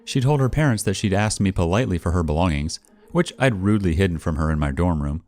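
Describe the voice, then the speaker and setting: A man reading a first-person story aloud in a wry, expressive way, as the channel's narrator. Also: low-pitched, fast talker. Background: faint background music.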